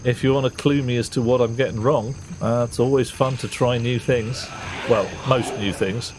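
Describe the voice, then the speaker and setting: A man's voice: mid-range voice, fairly even intonation, normal speed, very noisy. Chatty man streaming a game. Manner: chatty, reads chat aloud, swears mildly. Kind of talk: casual gameplay commentary. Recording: game music loud underneath.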